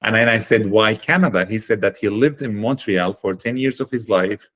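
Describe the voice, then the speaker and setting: A man with a fairly low voice tells his story as a podcast guest. He talks in an earnest, animated way and leans on fillers while he gathers his thoughts. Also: moderate pace. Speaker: guest, chocolate company founder.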